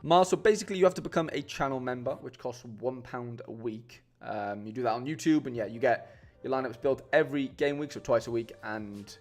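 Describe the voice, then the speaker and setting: Talking fairly quickly with hardly any pauses, this live streamer rambles through his fantasy football lineups, full of fillers and false starts, addressing his viewers as "mate." His mid-range voice has a darkish tone.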